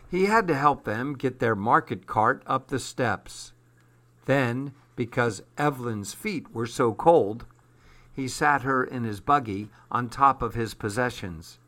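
Male storybook narrator, unhurried, clear bright tone, measured delivery. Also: mid-range voice. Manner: slow, measured reading.

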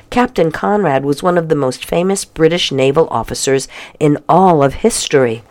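A woman reading a children's adventure story aloud with expressive storytelling. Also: low-pitched. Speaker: narrator.

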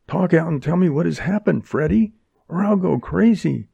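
A man's voice: a little high, expressive, normal speed, creaky, breathy edge, no room sound, pitched above the performer's own voice, full character voice. A man reading an audiobook, voicing a fierce, commanding young woman held captive by outlaws. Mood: urgent. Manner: sharp, commanding, urgent. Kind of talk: audiobook character voice. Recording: dull lo-fi recording.

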